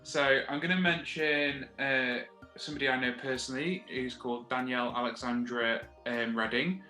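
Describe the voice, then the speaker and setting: A man's voice: medium pitch, normal speed, bright, forceful tone, faint music behind. A man co-hosting a podcast, dry and blunt, swearing casually. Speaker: podcast co-host. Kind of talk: casual chat. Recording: echoey room.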